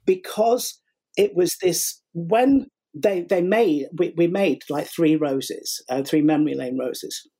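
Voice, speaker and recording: Middle-aged guy being interviewed, husky mellow voice, super animated storyteller who keeps restarting his sentences. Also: fairly high pitch, slow pace. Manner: animated, acts out quotes, many restarts. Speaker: guest, sugar flower artist.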